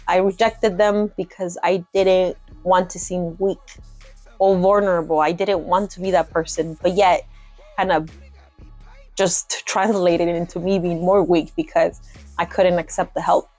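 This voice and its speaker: A woman's voice: on the low side, steady tone, unhurried, darkish tone, faint music behind. A young woman candidly telling her own story, blunt, swearing freely and laughing at herself. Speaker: MMA fighter sharing her story.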